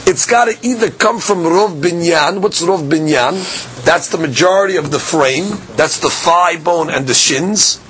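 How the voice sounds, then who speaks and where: High-voiced man teaching Talmud. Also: measured pace, fairly bright tone, slight background noise. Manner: explains Aramaic text line by line in English, asks "okay? right?". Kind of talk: daily Talmud class.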